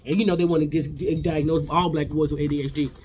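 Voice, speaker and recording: A woman's voice: sits low, fairly even intonation, fast talker, a little mellow, slight background noise. Blunt, fiery woman recapping reality TV. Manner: blunt, fiery, repetitive, slangy. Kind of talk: casual recap commentary.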